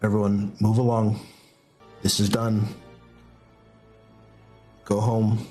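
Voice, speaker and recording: A man voicing a town guard ordering a crowd home in a tabletop game, loud and commanding. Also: on the low side, flat delivery, slow, faint music behind. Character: town guard, gruff, taking charge of a crowd.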